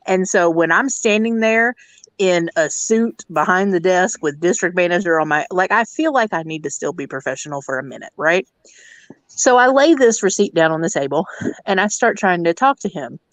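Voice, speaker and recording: A woman's voice: fairly low pitch, moderate pace, no room sound. A woman who works as a hotel district manager, telling a blunt, profane story about a rude guest in a casual rant. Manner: blunt, profane, animated retelling.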